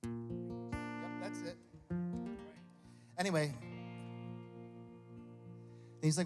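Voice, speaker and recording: A man's voice: medium pitch, measured pace, pauses often. A male singer-songwriter telling a chatty, self-mocking story on a live concert stage, swearing casually as he goes. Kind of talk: rambling onstage anecdote. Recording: long hall reverb, faint guitar.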